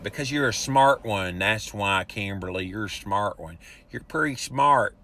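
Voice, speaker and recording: A man with a fairly low voice hosts a live show, talking straight at his viewers with emphatic, preachy energy. A faint hiss sits under the recording. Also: a bit bright. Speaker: podcast host. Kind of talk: live-streamed rant reading viewer comments.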